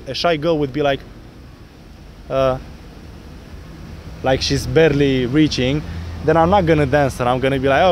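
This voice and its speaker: A man with a fairly high voice coaches outdoors on a city street. He explains his approach with energy and slips into acted snippets of his pickup lines. Faint traffic hums behind him. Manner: animated, acts out pickup lines in different voices. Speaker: dating coach.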